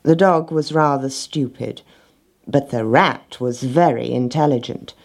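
A woman reading a children's story aloud in a gentle, expressive way. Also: extremely low pitch, normal speed, creaky.

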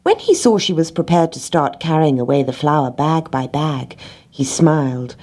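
A woman reading a children's storybook aloud, gently, with lively character voices. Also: sits low, normal speed.

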